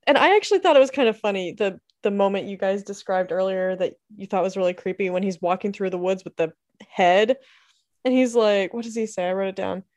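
A woman's voice: medium pitch, brisk, darkish tone. A woman co-hosting a podcast in casual chat, laughing as she retells film scenes. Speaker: podcast co-host.

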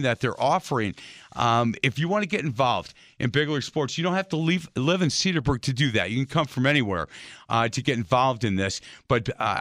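A man hosting a sports radio talk show, chatty and fond of telling animated stories. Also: medium pitch, no echo, studio quality. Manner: chatty storyteller, animated anecdotes.

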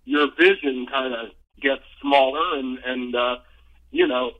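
A man's voice: medium pitch, measured pace, narrow, tinny audio. An older man, a former ballplayer, telling long rambling stories in an interview, full of fillers and restarts. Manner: rambling, lively storyteller with many fillers and restarts. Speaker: former pro baseball player, interview guest. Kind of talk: relaxed anecdotal storytelling.

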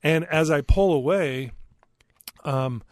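A man's voice: a little high, slow, no room sound, clean studio sound. A man earnestly telling a personal story as a podcast guest, candid and loose, with frequent fillers.

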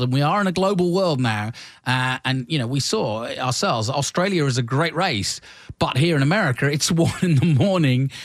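A man's voice: fairly high pitch, no room sound, clean studio sound. A man hosting a casual motorsport talk show, chatty and teasing, often restarting his sentences. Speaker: host.

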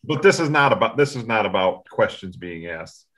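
Brief: male sports co-host, lower pitch, bright tone, loose and rambling. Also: animated, moderate pace. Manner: rambling, self-interrupting. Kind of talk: casual sports talk.

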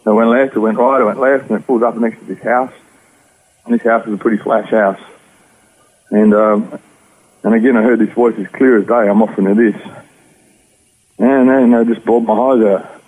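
A man with an Australian accent telling his personal story in rough, slangy speech as an interview guest. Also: mid-range voice, steady tone, brisk, phone-quality sound. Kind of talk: personal testimony.

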